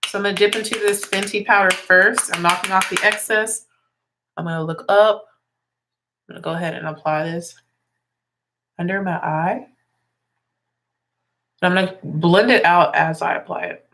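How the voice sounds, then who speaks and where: With a lowish, fairly bright voice that sounds slightly congested, a young woman talks casually through a makeup tutorial. She is a music teacher and beauty vlogger, and she explains each step as she goes.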